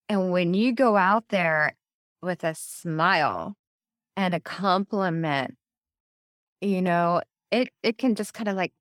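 A woman's voice: fairly low pitch, fairly bright tone, clean tone, no room sound, clean studio sound. A woman co-hosting a health talk show, chatting casually and telling stories with easy laughs. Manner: chatty storyteller, laughs easily. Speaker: podcast co-host. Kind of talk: casual conversational chat.

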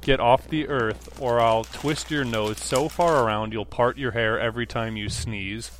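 Snarling teen bully, crude and sneering, read by a man, mid-pitched, raised voice. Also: normal speed, a bit bright, a little hiss or hum, natural voice.

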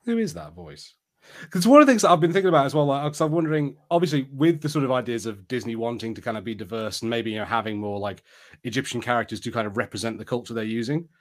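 A young man co-hosting a podcast, with a middle-pitched everyday voice. He chats loosely with plenty of fillers and sometimes speeds up in quick bursts. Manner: chatty, filler-heavy, spurts of fast talk. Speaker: podcast co-host. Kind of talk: casual chat.

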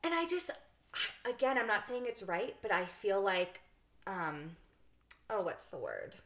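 A woman's voice: medium pitch, big pitch swings, unhurried, a bit bright. A woman co-hosting a podcast in casual book discussion chat, talking candidly and animatedly and laughing at herself. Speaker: podcast co-host.

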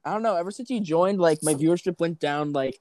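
A man's voice: fairly high pitch, fast talker, a little mellow, dry recording. A man hosting a podcast, chatting casually and jokingly, rambling with lots of filler words. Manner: joking, rambling with many likes. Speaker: podcast host.

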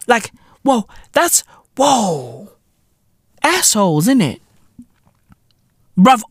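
Podcast host going off, swears a lot, pitch jumping all over, slow drawn-out talk, dry close sound. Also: dry recording. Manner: profane, animated, bursts into shouts. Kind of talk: comedic solo podcast rant.

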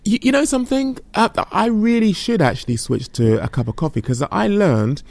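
A man hosting a casual podcast, chatty and a little tired, with a relaxed, self-deprecating manner. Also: sits high, brisk, vocal fry, no room sound. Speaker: podcast host.

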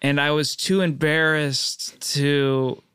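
A man co-hosting a podcast, chatting casually with wry reactions and quick questions. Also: on the high side, level tone, a bit bright, clean tone, no echo, clean studio sound. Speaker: podcast co-host. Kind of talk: casual chat.

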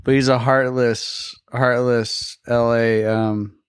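Male, mid-range voice, relaxed profane podcast co-host sharing movie takes. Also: mid-range voice, slow pace, clean tone, dry recording, clean studio sound. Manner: laid-back, profane, opinionated. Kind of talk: casual movie chat.

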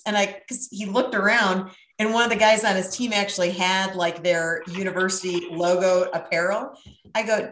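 A woman's voice: medium pitch, normal speed. Brash middle-aged woman, echoey room. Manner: brash, profane, animated storyteller. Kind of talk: casual storytelling.

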